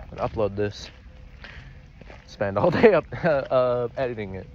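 A man's voice: medium pitch, lively intonation, takes it slowly, long pauses, a little mellow. Rambling, giggly young man walking outdoors. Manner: meandering, giggly, stifles laughs. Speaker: vlogger. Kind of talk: rambling casual vlog while walking. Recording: dull lo-fi with outdoor noise.

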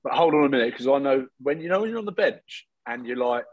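A man's voice: medium pitch, lively intonation, fast talker, lo-fi sound. Jokey swearing podcast host, a man. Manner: jokey, swearing, asks leading questions. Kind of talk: casual podcast chat.

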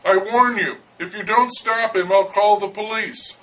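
A man voicing an irate French baker who shouts and blusters at a neighbor. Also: high-pitched, measured pace, recorded from a distance, low-quality recording. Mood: indignant. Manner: loud, indignant, blustering.

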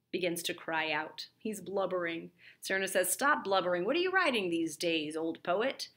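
A woman teacher talks through the end of a classic play for her students. She speaks slowly in a slightly low voice, conversational and loose, with ums along the way. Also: pushed and bright. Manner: conversational retelling with fillers. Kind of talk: literature lesson summary.

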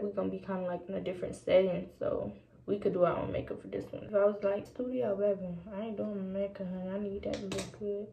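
Chatty young woman, gravelly voice. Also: medium pitch, mellow. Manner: chatty, addresses viewers as y'all, drops into whispers. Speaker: vlogger. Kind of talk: casual get-ready-with-me chat. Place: indoors at home doing makeup. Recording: echoey room, dull lo-fi sound, faint noise.

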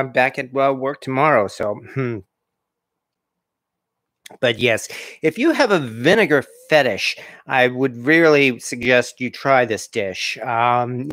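A chatty man hosting a home cooking livestream, chuckling often and reading viewer comments aloud. His voice sits at an ordinary middle pitch, and it is recorded close and dry with no room echo. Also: a bit bright. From New England, USA. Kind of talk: casual live-stream chat while tasting food.

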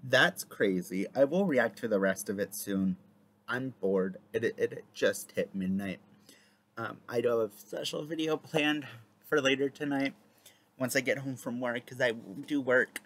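A man talks casually to his viewers in a mid-range voice. He rambles and fills pauses with plenty of ums. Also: mid-range voice, fairly bright tone. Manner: rambling with many fillers. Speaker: video creator. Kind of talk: casual reaction chat.

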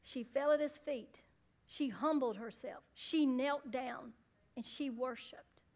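A woman pastor preaching a sermon, swinging between loud emphatic bursts and hushed, low asides. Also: takes it slowly.

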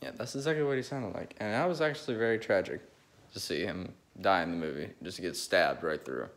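Young man, low-ish voice, rambling amateur impressionist, phone recording. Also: animated, a little fast, fairly bright tone. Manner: rambling, restarts often, eager. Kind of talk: casual chat between impressions.

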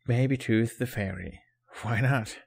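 A man's voice: medium pitch, a little slow, creaky, breathy edge. A man voicing a nervous, overwhelmed young man who mutters wryly, in a fan fiction reading. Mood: bewildered. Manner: muttering, wry.

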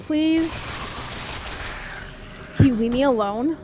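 A young woman giving profane, jumpy let's-play commentary, yelling and cursing when scared. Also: high voice, animated, slow pace, noisy background. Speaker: gaming streamer. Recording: faint game music behind.

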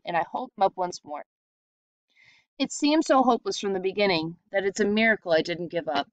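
A woman reading a short story aloud in a steady, reflective storytelling manner. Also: fairly low pitch, brisk, no room sound. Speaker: reader. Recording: dull lo-fi sound.

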